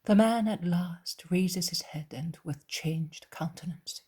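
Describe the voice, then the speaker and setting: Hushed, breathy woman narrating. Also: on the low side, slow, hardly any pauses. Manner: soft, near-whispered reading. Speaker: audiobook narrator. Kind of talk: scripted narration.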